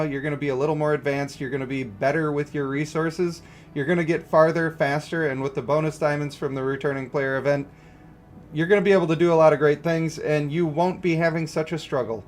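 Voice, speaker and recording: A man giving casual, joking livestream commentary on a mobile game and greeting viewers. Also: fairly high pitch. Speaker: gaming streamer.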